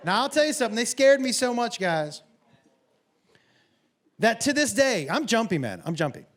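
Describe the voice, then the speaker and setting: A man doing stand-up on a stage, telling a story in a profane, animated way and acting out both sides of the talk, with sudden yelps. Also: very high voice, normal speed. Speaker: stand-up comedian. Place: comedy stage before a live audience.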